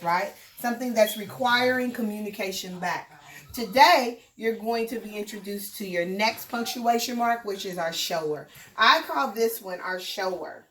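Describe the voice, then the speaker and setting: A woman's voice: on the high side, fairly bright tone, echoey room, recorded from a distance, low-quality recording. A woman teaching a recorded lesson to young children in a sing-song, encouraging way, stressing words for emphasis.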